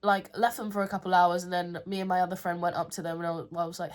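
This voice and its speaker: A woman's voice: fairly low pitch, brisk. A young woman telling a personal story to camera in a chatty, filler-heavy way. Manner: chatty, frequent "like" fillers, emotional retelling. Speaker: vlogger.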